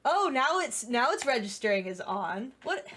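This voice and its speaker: A woman's voice: fairly high pitch, big pitch swings, moderate pace, a bit bright, husky. A woman streaming a game, casually chatting and reading its text aloud, laughing easily and swearing when annoyed.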